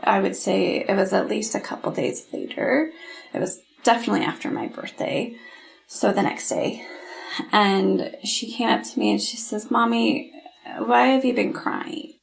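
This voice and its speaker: A woman's voice: mid-range voice, moderate pace, creaky, soft background music, poor audio. A middle-aged woman, a podcast guest, telling a painful personal story in an earnest, heartfelt way. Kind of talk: candid interview storytelling.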